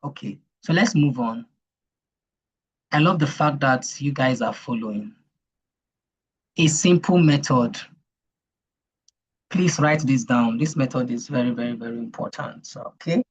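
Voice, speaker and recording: A coach teaching a live-streamed class, repeating key points slowly and answering viewers' comments. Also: medium pitch, slight background noise. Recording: dull lo-fi stream audio.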